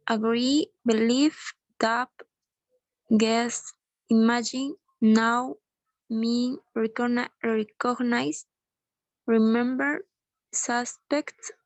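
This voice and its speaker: A woman student on a video call reading words aloud slowly and carefully. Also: fairly high pitch, darkish tone, no echo, poor audio. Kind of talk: reading word lists aloud.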